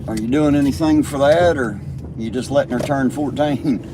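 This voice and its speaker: A man's voice: mid-range voice, normal speed. A man, hosting a casual livestream from a car at night, plainspoken and swearing freely as he answers chat. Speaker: livestream host reading chat. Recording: car and road noise behind.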